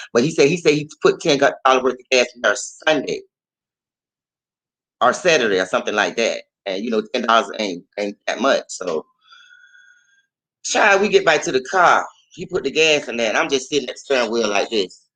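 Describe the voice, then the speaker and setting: A man with a bright, forceful voice tells a story in a loose, casual way. He swears freely and acts out every quoted line with sudden jumps in pitch. His middle-range voice keeps the telling lively. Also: poor audio. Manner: animated and profane, acting out quotes with big pitch jumps. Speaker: host.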